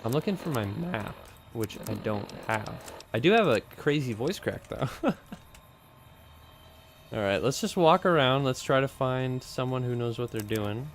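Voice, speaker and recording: A man's voice: mid-range voice, animated, a little slow, slight background noise. A man streaming a video game, casually commenting in a joking, self-mocking way and laughing often. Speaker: streamer and voice actor.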